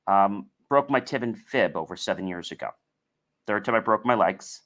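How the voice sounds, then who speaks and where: A man's voice: on the low side, animated, normal speed, a bit bright. A man hosting a podcast interview, asking questions and rambling as he searches for words. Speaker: podcast host.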